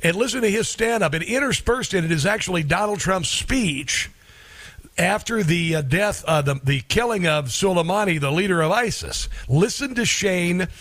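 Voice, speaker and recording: A man's voice: high voice, animated, moderate pace, fairly bright tone. A middle-aged man hosting a talk radio show, rambling with many fillers. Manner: rambling, filler-heavy delivery.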